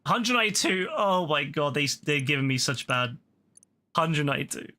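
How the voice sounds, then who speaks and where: A man's voice: on the high side, lively intonation, normal speed, bright, forceful tone. A tired man streaming a game, talking to himself and the game in a frustrated, exclaiming way, his voice starting to break. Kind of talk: live gameplay commentary. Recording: clear game noise behind the voice.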